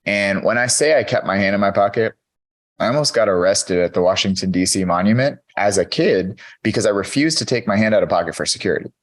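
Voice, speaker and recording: Man, low voice, candid, earnest, podcast guest, storytelling, fillers. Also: quick pace. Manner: earnest, candid, many fillers like "you know". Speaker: podcast guest, keynote speaker. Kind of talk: storytelling in an interview.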